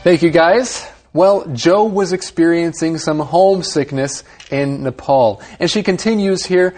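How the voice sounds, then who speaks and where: A man's voice: high voice, expressive, unhurried, few pauses, a little mellow. A man co-hosting an English lesson, reading quotes from a passage aloud and explaining them. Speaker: radio English lesson co-host.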